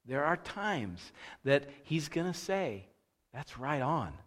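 A man preaching a conversational sermon, casual and animated, acting out the thoughts he quotes. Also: fairly high pitch, slow pace. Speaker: pastor. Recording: long reverb of a large hall.

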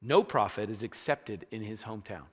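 A man preaching a sermon, telling a Bible story in a conversational, animated way. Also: on the low side, normal speed, slightly rough, long reverb tail. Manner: animated storytelling, acting out scenes with rising energy. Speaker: pastor.

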